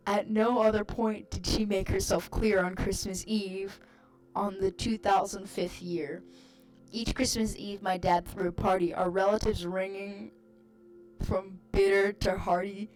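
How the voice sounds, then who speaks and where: A woman's voice: mid-range voice, level tone, unhurried, a little mellow, faint music behind. A woman hosting her channel, reading a rhyming online post aloud with amused, giggly asides.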